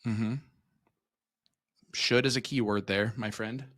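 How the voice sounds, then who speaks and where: A friendly male darts commentator at a medium pitch, with a bright, forceful tone. He calls the play and greets viewers by name and place. The sound is dry, with no room around it. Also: fairly even intonation, slow, no room sound. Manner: friendly, reads out viewer shout-outs between play calls. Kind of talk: live sports commentary.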